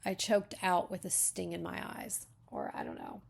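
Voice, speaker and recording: A woman's voice: lowish voice, wildly swooping pitch, moderate pace, creaky, breathy edge. A woman reading a story aloud as a beta reader, breaking off to comment on the writing.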